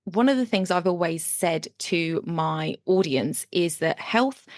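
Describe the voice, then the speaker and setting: A woman's voice: on the low side, lively intonation, measured pace, no echo, clean studio sound. A woman hosting a podcast interview, talking in an enthusiastic, chatty way with some fillers. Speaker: podcast host.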